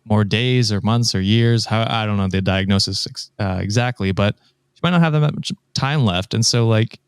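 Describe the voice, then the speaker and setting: Male co-host, smooth clear voice, blunt and profane, dry studio sound. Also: on the low side, normal speed, no echo. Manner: blunt, swears freely, reacts with outrage. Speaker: podcast co-host. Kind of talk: casual podcast chat.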